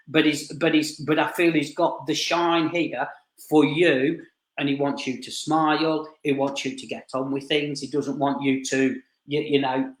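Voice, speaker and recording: A man giving a live spirit reading as a medium, talking in halting bursts full of restarts and repeated fillers. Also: a little high, fairly bright tone. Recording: roomy echo.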